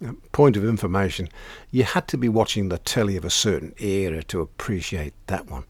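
A man narrating a comic first-person tale in dry, deadpan, mock-grand wording. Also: low voice, fairly quick, breathy edge, no echo. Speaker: storyteller.

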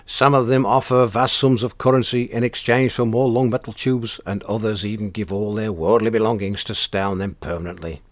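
A man's voice: fairly low pitch, fairly even intonation, a little fast, hardly any pauses, no room sound, close to an everyday voice. A man voicing a male alien captor who reports in a stiff, formal put-on accent. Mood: earnest reporting.

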